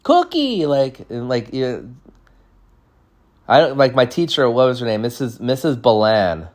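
A man in his thirties doing a comedic storytelling monologue, rambling with lots of "like" and "dude.". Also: medium pitch. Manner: animated, jumps into quick voices. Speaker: podcast host.

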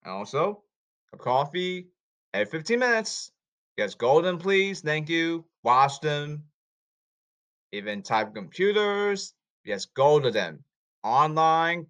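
A man in a rambling monologue, repeating commands and calls, with loud bursts and sudden drops in volume. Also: a little high, sing-song, takes it slowly. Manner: repetitive, issuing commands and calls.

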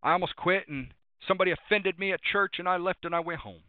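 A man's voice: high-pitched, fast, clear, resonant tone, no echo. A man preaching a sermon, speaking emphatically, repeating refrains and citing Bible verses by chapter and number. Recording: tinny phone-like dry sound.

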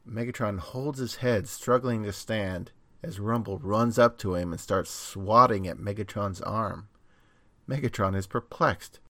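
A man's voice: fairly low pitch, a little slow, bright, forceful tone, a little hiss or hum. A man co-hosting a podcast, recapping an episode in a casual, wry way. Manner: wry, narrates plot in detail. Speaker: podcast co-host.

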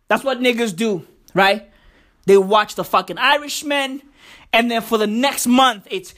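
A woman's voice: fairly high pitch, unhurried, a bit bright. A woman from South Africa delivering a profane, slangy, incredulous comedic rant to camera. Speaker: commentator.

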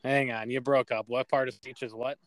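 A man's voice: medium pitch, flat delivery, a little fast, a bit bright, no echo. A young man co-hosting a podcast, chatting casually, swearing often and laughing at himself. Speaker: podcast co-host. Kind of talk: casual chat.

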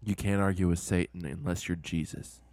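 A man's voice: low voice, fairly even intonation, fairly quick, darkish tone, dry recording. A man co-hosting a comedy podcast, throwing in goofy, playful remarks. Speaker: podcast co-host. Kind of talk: casual comedic chat.

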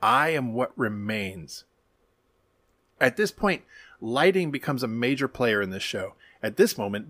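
A podcast co-host runs through an episode recap in a casual, animated way, tossing in wry jokes and the odd swear word. His voice sits at an ordinary middle pitch for a man. The sound is dry, with no room echo.

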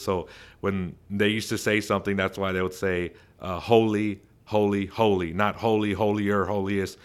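A man, a father, giving casual, chatty and emphatic commentary as the host of his own show. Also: on the low side. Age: adult father.

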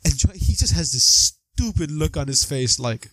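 Young male podcast co-host, lively chatter, slightly high pitch, dead-dry recording. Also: no room sound. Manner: animated, acts out lines with quick voice jumps. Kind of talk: casual movie discussion.

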